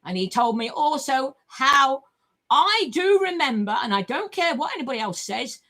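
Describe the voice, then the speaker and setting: Older woman, high and very animated, swearing and rambling vlog monologue. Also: moderate pace. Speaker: vlogger.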